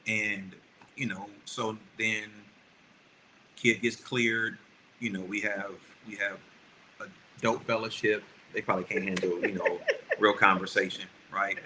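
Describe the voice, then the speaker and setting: Bright-voiced man telling a story. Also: lowish voice, unhurried, slight background noise, poor audio. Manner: animated storyteller, acts out quotes. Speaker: podcast co-host. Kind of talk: storytelling chat.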